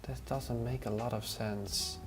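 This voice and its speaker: His voice sits in the mid range and moves a little slowly. A live streamer trying design software, he thinks out loud to himself and answers viewers' questions in chat between tasks, a relaxed music playlist in the background.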